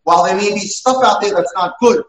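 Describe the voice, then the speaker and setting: A man's voice: high voice, a little fast, recorded from a distance. Man recounting cases in an echoey room. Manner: anecdotal, storytelling cases. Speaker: dating mentor. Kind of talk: talk. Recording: echoey room, voice away from mic.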